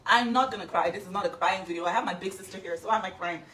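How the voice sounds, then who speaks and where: A woman's voice: medium pitch, very fast, pushed and bright, echoey room, far from the mic, slight background noise, rough recording. A woman telling her side of a story in a defiant, earnest casual talk. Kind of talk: emotional casual talk to camera.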